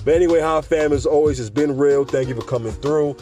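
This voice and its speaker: A man's voice: fairly high pitch, fairly quick, mellow, faint music behind. A man hosting a podcast in a laid-back, joking monologue. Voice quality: laid-back and joking, laughs between lines. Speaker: podcast host.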